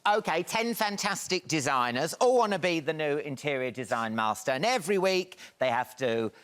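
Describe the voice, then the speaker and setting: A man's voice: fairly high pitch, expressive, moderate pace, a bit bright, clean tone. Giggly English man telling stories. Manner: camp, giggly storyteller acting out other voices. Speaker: talk show guest. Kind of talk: comic anecdote.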